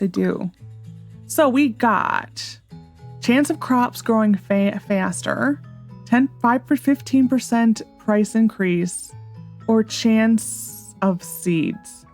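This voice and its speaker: A woman's voice: medium pitch, very slow, darkish tone, faint music behind. A woman hosting a gaming channel, chatting casually and thinking aloud as she plays. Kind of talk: casual let's-play commentary.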